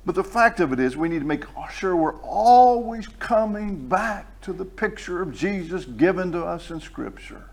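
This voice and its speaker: Man preaching with slow, rising emphasis. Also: high-pitched. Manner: swings from quiet asides to slow, loud emphatic declarations. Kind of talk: sermon.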